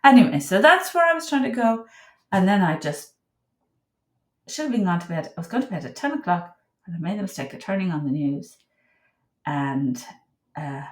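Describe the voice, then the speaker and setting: A woman talking casually on her own, rambling and emotional, her voice swinging from high outbursts to low murmured prayer. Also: lively intonation, normal speed, pauses often. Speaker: vlogger. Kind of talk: casual monologue to camera. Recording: echoey room.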